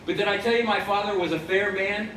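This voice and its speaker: A man's voice: sits high, steady tone, fast, fairly bright tone. A man performing as a stage magician, telling a story full of wry puns to a live audience. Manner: punning, wry storyteller who plays to the audience. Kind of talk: comic storytelling patter during a magic act. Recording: echoey live theater, distant mic, audience noise.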